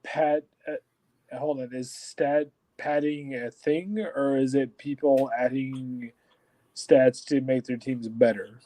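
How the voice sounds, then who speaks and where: A man co-hosting a casual sports talk show, excitable and tripping over his words with lots of restarts. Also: mid-range voice, takes it slowly, low-quality recording. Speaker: podcast co-host.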